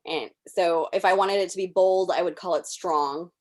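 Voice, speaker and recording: A woman presenting a workshop over a video call, explaining software step by step as she clicks through it. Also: on the low side, steady tone, normal speed. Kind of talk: live software demonstration.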